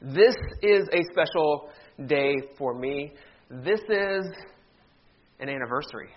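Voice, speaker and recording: High-voiced pastor from Ohio. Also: male voice, animated, slow, lo-fi sound. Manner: jokey storyteller turning heartfelt. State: briefly emotional. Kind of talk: sermon with a joke opening. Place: church sanctuary.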